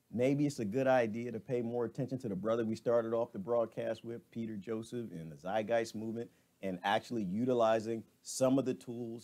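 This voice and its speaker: A man's voice: mid-range voice, darkish tone. A man hosting a live stream, giving jokey, rambling commentary and laughing at himself. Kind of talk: animated off-the-cuff commentary.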